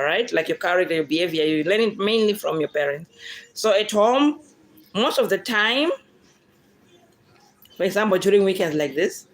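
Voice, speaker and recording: Chatty Zimbabwean woman with a low voice. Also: poor audio. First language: Shona. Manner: chatty, addresses viewers directly as "guys", laughs often. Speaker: YouTuber answering viewer questions. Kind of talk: casual Q&A vlog chat.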